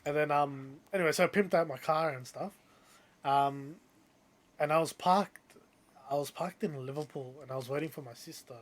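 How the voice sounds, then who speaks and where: A young Australian man telling a story in casual podcast chat, animated and full of "like" and "um", acting out the people he talks about. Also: fairly high pitch. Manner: animated, quick to act out the people in his story, many "like"s and "um"s. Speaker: podcast co-host.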